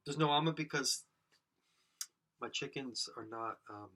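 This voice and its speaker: Heavy background noise surrounds a man of medium pitch speaking at normal speed. Alone on his silly podcast, he delivers an absurd, self-mocking comedic monologue to an imagined audience.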